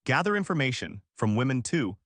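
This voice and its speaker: A man's voice: medium pitch, sing-song, a little fast, a bit bright, dry recording. A man voicing a brash, clumsy young male gamer in a recap story, read plainly. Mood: blunt.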